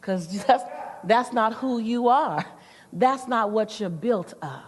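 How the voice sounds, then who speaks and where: A woman voicing a firm but tender older grandmother, speaking slowly and emphatically. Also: fairly high pitch, expressive, husky, heavily acted. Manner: calls the listener "baby" and "honey", slow and emphatic. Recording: long reverb of a large hall.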